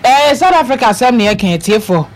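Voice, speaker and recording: Ghanaian lady cohost talking thru a news story, bit high. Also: sing-song, brisk. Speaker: radio co-host. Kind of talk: explaining news in casual radio talk.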